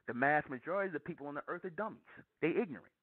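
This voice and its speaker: A man's voice: on the high side, animated, racing, no echo. A man preaching in a monologue, emphatic and repeating lines for stress. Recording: dry tinny phone-like audio.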